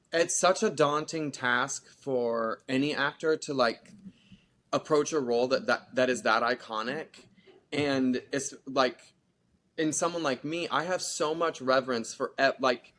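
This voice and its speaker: A theater actor chatting as a guest in a casual interview, animated and talkative, with lots of filler "like". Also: medium pitch.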